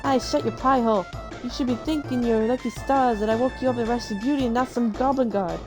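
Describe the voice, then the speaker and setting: A woman's voice: on the high side, fairly even intonation, fast talker, music in the background, voice pushed up, natural voice. A woman voicing a cocky young woman thief who mocks and bosses her companion with brash slang. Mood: mocking. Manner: brash, mocking, clipped slang.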